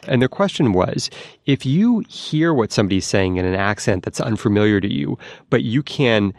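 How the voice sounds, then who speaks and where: A man explaining science news on a podcast in a lively, explanatory way, answering a host's questions. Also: lowish voice, moderate pace, dry recording. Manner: lively, explanatory, demonstrates sounds.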